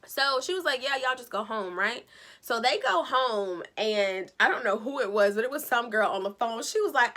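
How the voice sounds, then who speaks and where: A woman's voice: a little high, normal speed. A woman giving a casual, chatty recap of a TV episode, telling it with sass and acting out the characters' lines. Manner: animated, sassy storytelling with acted-out quotes. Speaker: show recap vlogger.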